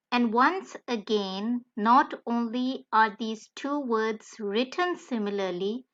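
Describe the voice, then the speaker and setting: A woman narrates a beginner language lesson at a very slow, measured pace, spelling out letters with care. Her voice sits a little high. The recording is dull and lo-fi. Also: a bit bright. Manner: careful, deliberate, spells out letters one by one. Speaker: language tutor. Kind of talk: slow scripted tutorial narration.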